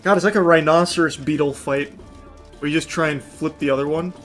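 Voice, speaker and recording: A man giving excitable gameplay commentary, swearing, yelling and laughing at the game. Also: fairly high pitch, fairly quick, soft background music. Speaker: gaming commentator.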